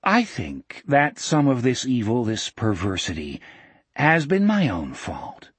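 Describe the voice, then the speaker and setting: A sinister preacher with a deep, mellow voice and a falsely gentle calm, spoken slowly and with a husky grain, as a man reading aloud puts him on. Every word drips sanctimony and quiet threat, delivered close and dry like an audiobook. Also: dry recording, heavily acted. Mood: sanctimonious. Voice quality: mellow, low and soft. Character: smooth menacing male preacher, falsely gentle.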